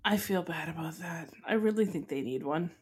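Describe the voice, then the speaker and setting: A woman's voice: lowish voice, a little fast, breathy edge. A woman co-hosting a podcast, chatting casually and explaining tips with many fillers. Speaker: podcast co-host. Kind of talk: casual chat.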